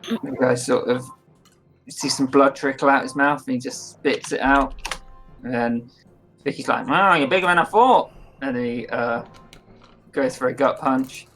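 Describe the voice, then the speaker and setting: A man's voice: mid-range voice, level tone, unhurried, pauses often, a bit bright, soft background music. Laid-back man running a tabletop game. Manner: casual, playful, laughs between rulings. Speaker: game master.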